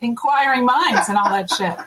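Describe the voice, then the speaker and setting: A woman's voice: a little high, moderate pace, fairly bright tone, slight background noise. A woman guest on a casual podcast, outspoken and emphatic. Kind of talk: casual chat.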